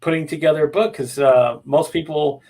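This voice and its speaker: A man's voice: on the high side, normal speed, a little mellow. A man hosting a casual interview, asking friendly, encouraging questions. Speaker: podcast host.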